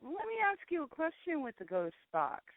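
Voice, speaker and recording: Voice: sits high, huge pitch swings, normal speed, a crowd in the background. A paranormal talk show host interviewing a guest by phone, reacting with short gasps and exclamations. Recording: tinny dry phone line.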